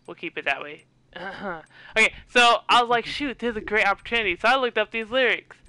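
A woman's voice: mid-range voice, a little fast, sharp tone, clear, resonant tone, poor audio. A young woman hosting a casual live stream, teasing her friends, giggling and reading the chat aloud.

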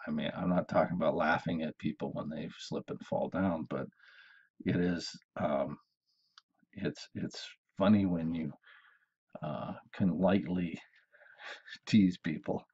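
A husky, gravelly man talks slowly and chuckles at his own jokes, stumbling through fillers as he hosts a self-improvement video. The recording sounds dull and lo-fi. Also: deep voice, steady tone, darkish tone. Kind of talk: casual talk to camera telling jokes.

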